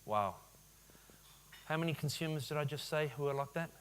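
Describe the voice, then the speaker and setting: Man giving a lively business keynote. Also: a little high, normal speed, a little hiss or hum. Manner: lively, addresses audience with questions. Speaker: conference speaker. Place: conference hall.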